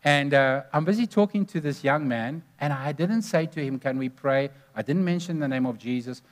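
Male preacher, slightly high voice, earnest storytelling. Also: brisk. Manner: earnest storytelling, stressing numbered points. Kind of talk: sermon.

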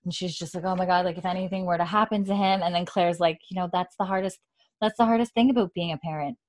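A woman's voice: fairly even intonation, quick pace. Chatty young woman recapping a show. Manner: chatty, acts out characters' lines with lifted pitch. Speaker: podcast host recapping a TV episode. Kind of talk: casual chat recap. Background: dog heard at times.

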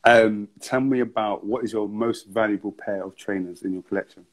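Low-pitched male host, easygoing interviewer, gently encouraging. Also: normal speed, poor audio. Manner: relaxed, encouraging questioner. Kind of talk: casual interview questions.

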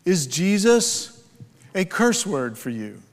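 A man's voice: high voice, big pitch swings, slow, big-room sound. A man preaching a sermon, explaining scripture in a teaching tone with fillers and rhetorical questions. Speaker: pastor.

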